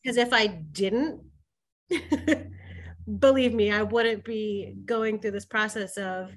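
Chatty, animated woman podcast co-host. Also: mid-range voice, slow, long pauses. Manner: animated storytelling, frequent "like" fillers, bursts of laughter. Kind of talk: candid conversational chat.

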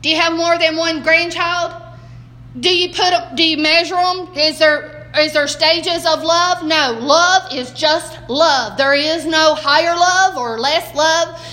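An older woman with a Southern American drawl teaches a Bible lesson in a high, bright voice. She talks in a homespun, chatty way and keeps putting questions to her listeners. The delivery is warm-hearted and conversational rather than preachy. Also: fairly even intonation, a little slow. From Southern United States. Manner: homespun, asks the listeners many rhetorical questions. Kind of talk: folksy morning Bible lesson.

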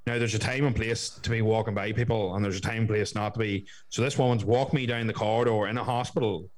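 A man's voice: lowish voice, steady tone, quick pace, poor audio. A man telling a story in casual podcast chat, swearing a lot and acting out the people in it.

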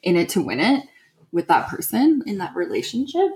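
A hoarse woman, chatting animatedly as a podcast co-host from her desk. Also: medium pitch, huge pitch swings, moderate pace, darkish tone, low-quality recording. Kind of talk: casual chat.

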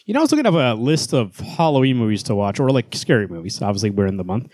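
A man's voice: medium pitch, sing-song, fast talker, darkish tone, dry recording, clean studio sound. A man in his thirties co-hosting a podcast, rambling casually, laughing often and swearing now and then. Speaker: podcast co-host. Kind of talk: casual chat.

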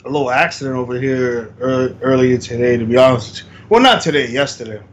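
A man's voice: mid-range voice, fast, dull audio, a little hiss or hum. A man co-hosting a casual podcast, easygoing and rambling as he tells stories. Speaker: podcast co-host.

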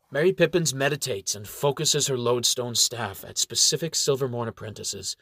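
A man narrating a fantasy battle story in a measured, dramatic way. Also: medium pitch, vocal fry, pushed and bright, no echo, clean studio sound.

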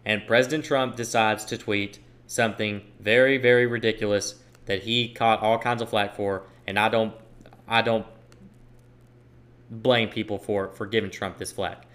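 A man's voice: on the low side, fairly even intonation, normal speed, fairly bright tone. A young man giving an opinion monologue on politics, emphatic and repeating phrases for stress while he reads posts aloud. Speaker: political commentator.

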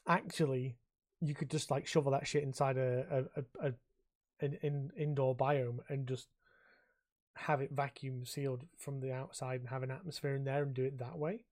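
Give me a rambling, sweary podcast co-host. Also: male voice, mid-range voice, fairly even intonation, moderate pace, darkish tone. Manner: sweary, rambling, laughs often. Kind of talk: casual chat.

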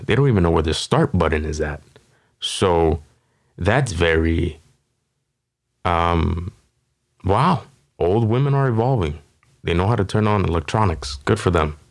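A man hosting a comedy podcast, riffing casually with a rambling, profane delivery full of fillers. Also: low-pitched. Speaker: podcast host.

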